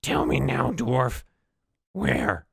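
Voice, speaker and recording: A man's voice: mid-range voice, expressive, extremely slow, gravelly, breathy edge, dry recording, studio quality, pitched above the performer's own voice, full character voice. A man voicing a cruel, greedy male goblin boss who snarls threats and barks orders. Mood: menacing. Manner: snarling threats, loud and commanding.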